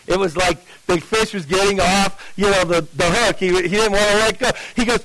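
A man telling his testimony to an audience, conversational and animated, acting out the dialogue with big swings in his voice. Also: sits high, moderate pace, hardly any pauses, no echo, rough recording. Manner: conversational, with fillers and restarts. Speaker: speaker giving a testimony to an audience. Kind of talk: storytelling testimony.

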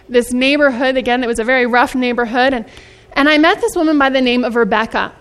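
Earnest high-voiced woman preaching. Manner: earnest, asks the listeners many questions; slows down for emphasis on scripture. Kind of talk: sermon.

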